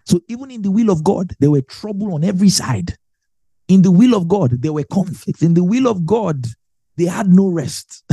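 A man delivers a Bible teaching with a slightly husky, mellow voice that sits fairly high for a man. He is emphatic and lively, repeating key lines again and again to drive them home. The sound is close and dry. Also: no room sound. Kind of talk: sermon teaching.

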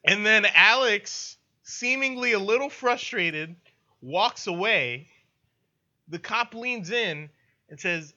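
Bright-voiced young man telling a story. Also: sits high, takes it slowly, muffled recording. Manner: laughing storyteller, deadpan punchlines. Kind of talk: casual storytelling chat.

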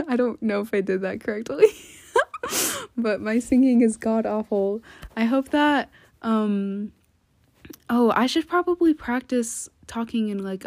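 A woman's voice: on the high side, very animated, measured pace, a little mellow. A teenage girl hosting a casual solo podcast from home on her phone, rambling and chatty with lots of ums and giggly asides. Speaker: podcast host. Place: at home, indoors.

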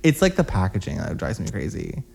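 A man's voice: lowish voice, huge pitch swings, brisk, creaky, darkish tone, breathy edge. A young man co-hosting a podcast in casual chat, full of "like" fillers and offhand swearing. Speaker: podcast co-host.

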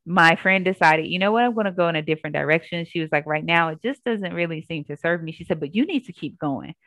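A woman yoga instructor telling her story in a casual interview, earnest and animated, acting out what people said. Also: on the low side, fast talker, dry recording.

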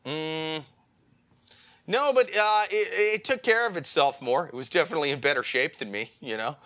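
A man's voice: on the high side, normal speed, pushed and bright. A man co-hosting a podcast in casual chat, joking and spinning absurd stories. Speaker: podcast co-host.

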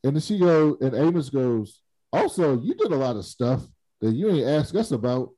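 A man's voice: mid-range voice, expressive, normal speed, dark tone, dry recording, rough recording. A man in casual chat, animatedly retelling a TV episode and acting out the characters' lines. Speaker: podcast co-host recapping a TV episode.

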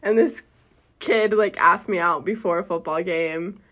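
A young woman in her twenties hosting a casual chat, animated and laughing with lots of fillers. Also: on the low side, unhurried. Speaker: podcast host.

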